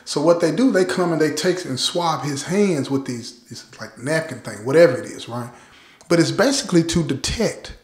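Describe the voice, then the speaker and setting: A man recounting a crime story in a loose, conversational way, often turning to address his listeners. His voice sits at a middle pitch. It rings out in a roomy, echoey space. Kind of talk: casual true-crime storytelling. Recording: roomy echo.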